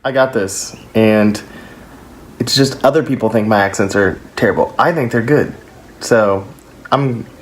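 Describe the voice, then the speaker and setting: A man's voice: fairly low pitch, unhurried, husky. A man hosting a casual podcast, easygoing and loose, with frequent ums and restarts. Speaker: podcast host.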